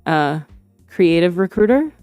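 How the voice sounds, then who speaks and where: Young woman streamer, slow and mellow, hesitant and rambling, dry close mic with faint music under her. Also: lowish voice, animated, no room sound. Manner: rambling and hesitant, many fillers and restarts, laughs often. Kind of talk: casual livestream chat.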